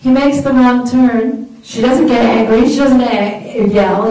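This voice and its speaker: A woman's voice: fairly high pitch, slow, recorded from a distance. Woman lecturing in an echoey hall. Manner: animated, engaging, asks the audience. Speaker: speaker. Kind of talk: lecture to an audience.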